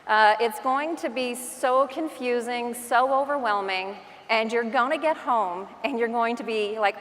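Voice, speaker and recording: A woman's voice: fairly high pitch, unhurried, a bit bright, big-room sound. A woman with a Newfoundland accent giving a chatty, self-deprecating conference talk from a stage microphone. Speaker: real estate agent giving a conference talk. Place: large conference hall.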